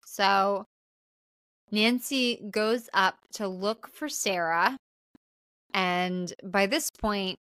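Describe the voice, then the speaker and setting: Her voice is bright and forceful, recorded close and dry. She gushes through a casual film recap as a podcast co-host, peppering it with "like" and swear words. Her tone is animated and unfiltered. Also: medium pitch, extremely slow, pauses often, clear, resonant tone, no room sound. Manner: animated, swearing, filler-heavy "like".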